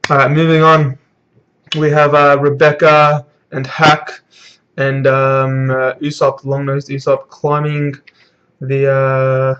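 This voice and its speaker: Man, casual manga reaction, rambling, swearing, fillers, middle pitch, dull lo-fi recording. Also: fairly bright tone.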